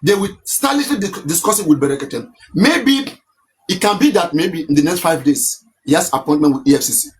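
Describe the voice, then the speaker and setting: A man's voice: a little high, expressive, quick pace, hardly any pauses. A Nigerian-accented man runs a live stream, his voice sitting a little above the usual male register. He talks things through at length, circling back and repeating his point with insistence. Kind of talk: casual live-stream talk.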